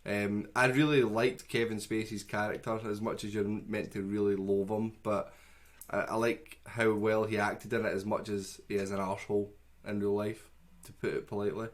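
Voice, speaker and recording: A man chats on a film podcast, eager and teasing as he defends a movie. His voice sits on the low side. He talks in a loose, conversational way. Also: level tone, moderate pace. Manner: teasing, enthusiastic, chatty. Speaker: podcast co-host. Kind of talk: casual film review chat.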